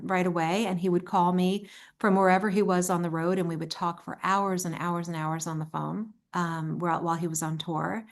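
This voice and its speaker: A woman in her fifties from Long Island, a singer telling her life story in a relaxed interview, with frequent ums and uhs. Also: medium pitch. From Long Island, New York. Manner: warm, reflective storyteller with frequent fillers. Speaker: singer and songwriter, interview guest.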